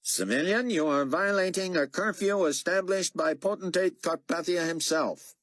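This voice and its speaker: A man's voice: high voice, moderate pace, a bit bright, no room sound, voice pushed up. Man doing a stern officer, audiobook, commanding, clipped, raised voice. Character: stern male military radio officer, officious.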